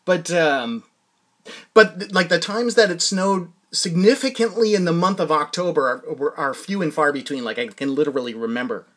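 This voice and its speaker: Halting, higher-voiced male podcast host. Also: expressive, fairly bright tone. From New England. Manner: halting, with frequent restarts and fillers. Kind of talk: casual interview.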